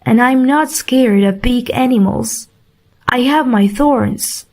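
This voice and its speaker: A woman voicing a proud, touchy female flower in a storybook reading, slow and high. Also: darkish tone. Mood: pleading.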